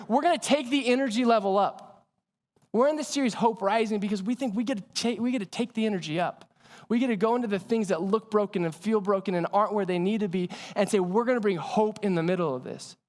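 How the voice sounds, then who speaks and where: A man preaching a sermon as pastor, telling lively stories and asking the audience questions. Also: sits high, fast. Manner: energetic storytelling with audience questions. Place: church hall. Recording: long hall reverb.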